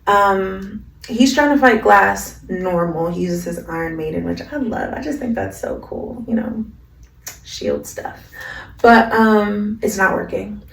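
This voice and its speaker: Woman, anime recapper, chatty and slangy, gravelly voice, roomy distant mic. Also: mid-range voice, measured pace. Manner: slangy, rambling, full of "like" fillers.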